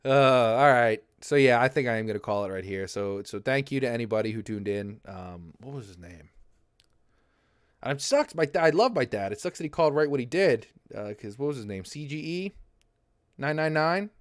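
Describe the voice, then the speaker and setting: A man's voice: mid-range voice, expressive, moderate pace, clean tone, no echo. Chatty young man, dry close sound. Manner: rambling, chatty, laughs easily. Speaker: livestream host. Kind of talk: casual chat.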